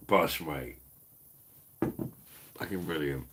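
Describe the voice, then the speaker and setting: A deep-voiced man with a Cockney-Kentish accent, chatting to his live audience at an easy, slow pace. He swears freely and chuckles along as he talks. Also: fairly bright tone, slight background noise. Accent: Cockney-Kentish English. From London. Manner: laid-back, sweary, chuckling banter. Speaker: livestream host reading chat. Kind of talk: casual live chat.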